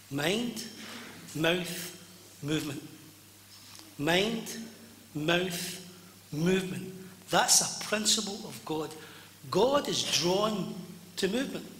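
A man preaches a healing sermon with a bright, high voice, slow and deliberate in his delivery. He climbs to fervent shouts and sinks to hushed whispers. The sound rings with the long reverb of a church hall. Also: very animated, slight background noise. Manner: rising to loud fervent cries, then dropping to hushed whispers.

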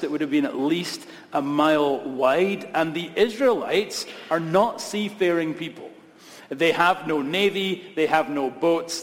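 Pastor preaching in a reverberant hall. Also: male voice, on the high side. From Scotland. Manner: emphatic, repetitive cadences with humorous asides. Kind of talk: sermon. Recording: long reverb of a large hall.

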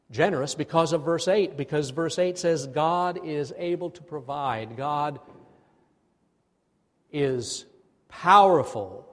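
A male pastor delivers a sermon in a church sanctuary. His voice carries a long hall reverb. He talks in a lively way and has the congregation repeat phrases after him. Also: fairly high pitch. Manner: animated, leads the congregation in call-and-response.

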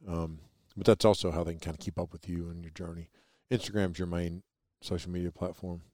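Deep-voiced man chatting. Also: little pitch movement, a little fast, darkish tone, dry recording, studio quality. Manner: rambling, enthusiastic, jokey. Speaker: podcast host. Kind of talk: casual chat.

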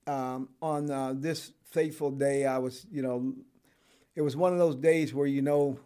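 A man's voice: mid-range voice, steady tone, unhurried, mellow, clean tone. A retired correctional officer, an older man, telling his life story in an interview, with many ums, restarts and laughs. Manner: rambling, with frequent ums and restarts, laughs often.

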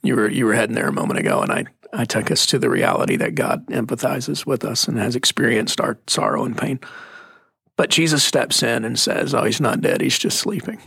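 A man co-hosting a faith talk, telling stories in a casual, emphatic preaching manner with a gravelly voice. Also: mid-range voice, big pitch swings, brisk, a bit bright, dry recording, clean studio sound. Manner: storytelling, emphatic.

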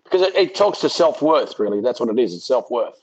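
A man, a podcast guest asking quick, chatty, loosely phrased questions. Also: mid-range voice, sing-song, a little mellow, husky, no room sound. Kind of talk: casual podcast chat. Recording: dull dry remote line.

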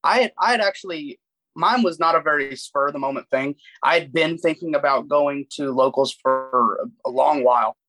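A man's voice: fairly high pitch, normal speed, a bit bright, rough recording. Young man telling rambling stories. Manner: rambling, self-deprecating storytelling with frequent restarts. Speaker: podcast co-host. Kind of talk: casual chat.

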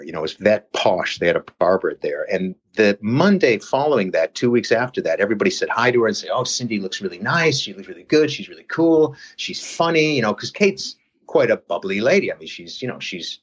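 Rambling man, husky low voice. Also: sing-song, a little fast. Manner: rambling, lots of "you know" fillers. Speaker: podcast guest, personal trainer. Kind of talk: casual storytelling chat. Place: lives near Reading, England. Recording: dull lo-fi sound.

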